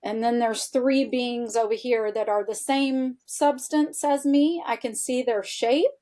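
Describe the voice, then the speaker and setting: A woman's voice: fairly high pitch, unhurried. Woman telling a personal story casually. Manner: animated, many fillers like "you know" and "like"; candid, with occasional swearing. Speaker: interview guest, integrative health practitioner.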